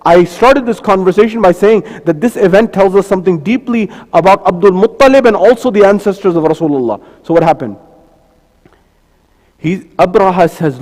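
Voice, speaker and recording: A high-pitched male preacher giving a storytelling sermon, recorded in a reverberant mosque hall. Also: a little fast, a little mellow. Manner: storytelling with repeated phrases and lists.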